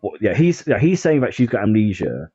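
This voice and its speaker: A man's voice: lowish voice, sing-song, fairly quick, warm tone, husky, no echo, muffled recording. A man chatting casually on a podcast, rambling with lots of fillers and restarts. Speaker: podcast guest.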